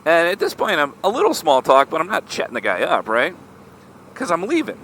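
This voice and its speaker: A man casually telling a story to his vlog audience, chatty and animated, often tossing in "right?". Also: a little high, a little fast, a little hiss or hum. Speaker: motorcycle vlogger.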